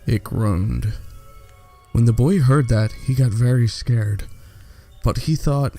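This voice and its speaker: A man narrating scary stories in a theatrical, scripted way, with slow dramatic pauses. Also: medium pitch, mellow, soft background music. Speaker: horror story narrator.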